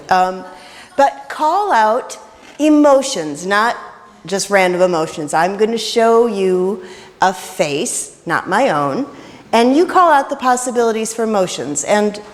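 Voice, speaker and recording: A woman minister leading an interactive sermon, chatty and playful with quick jokes, in a church. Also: medium pitch. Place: church sanctuary. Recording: reverberant church hall.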